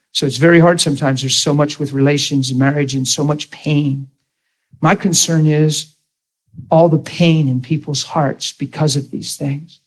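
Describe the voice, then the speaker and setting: A middle-aged man preaching with emphatic, storytelling energy. His voice sits a little higher than most men's. He calls on his listeners for an answer as he drives his point home. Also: rough recording. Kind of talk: sermon.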